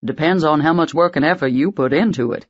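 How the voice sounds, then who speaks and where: A woman's voice: low-pitched, brisk, breathy edge, highs cut off. A woman voicing a blunt, kind old grandfather with a drawl. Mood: gruff advice.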